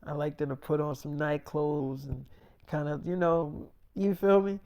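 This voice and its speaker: A man's voice: fairly high pitch, unhurried, mellow, clean tone. A man casually telling a long personal story, rambling with lots of fillers and slang.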